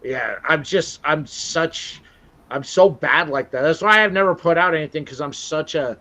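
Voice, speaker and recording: A man's voice: a little high, normal speed, bright, forceful tone. A man hosting a casual interview, rambling and self-deprecating with many restarts. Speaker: show host. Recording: dull lo-fi audio.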